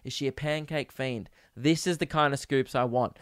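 A man's voice: mid-range voice, normal speed, smooth, dry recording, clean studio sound. A young man hosting a casual solo podcast, rambling and joking with mock drama. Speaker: podcast host.

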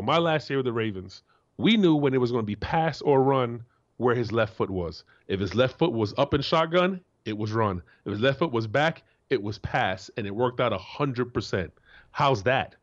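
Former player guy from florida talking football, swears a lot, squeaks up high when he quotes people, kinda muffled sound. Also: lively intonation, moderate pace. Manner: blunt and profane, acts out quotes in a high voice. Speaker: co-host, former NFL player. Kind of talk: casual sports talk.

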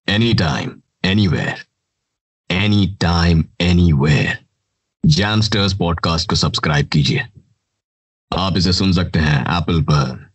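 A man's voice: low voice, slightly rough, pitched below the performer's own voice. A man doing an impression of a flashy male film-star hero, delivering a punchy promo.

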